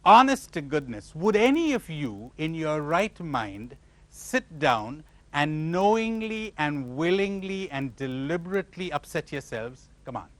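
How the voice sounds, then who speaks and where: Guy lecturing on spirituality, voice leaps all over, kinda high, dry close sound, keeps asking the crowd stuff. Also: measured pace, no room sound. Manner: animated, questioning listeners, acting out imagined replies. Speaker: spiritual teacher. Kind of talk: spiritual lecture to a live audience.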